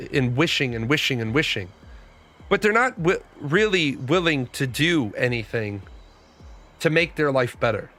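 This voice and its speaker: Blunt, profane man with a bright voice. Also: a little high. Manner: blunt, profane, talks back to viewer comments. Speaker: podcast host. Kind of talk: opinionated casual commentary.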